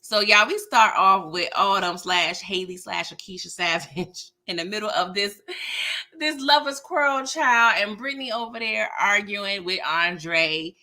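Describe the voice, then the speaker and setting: A woman's voice: mid-range voice, a little slow. A woman hosting a casual live recap, talking animatedly to her viewers and often laughing as she goes. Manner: animated, chatty, talks straight to viewers. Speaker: host of a live show recap.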